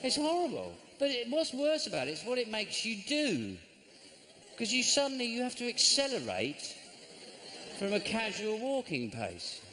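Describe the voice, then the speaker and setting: A middle-aged man from England doing a stand-up comedy routine, deadpan and grumbling, breaking into sudden shouts. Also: very high-pitched, normal speed. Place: large theatre stage. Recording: live show with constant audience noise.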